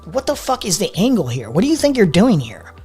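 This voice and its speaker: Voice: medium pitch, huge pitch swings, a little fast, a little mellow, soft background music. A live commentary streamer ranting in an exasperated, profane way, often repeating words while reacting to a debate clip.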